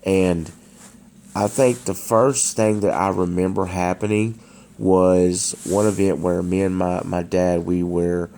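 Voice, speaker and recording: Man, deep gravelly voice, halting casual storyteller, faint background hiss. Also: level tone, mellow. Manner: hesitant, many restarts and fillers. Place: dark room at home.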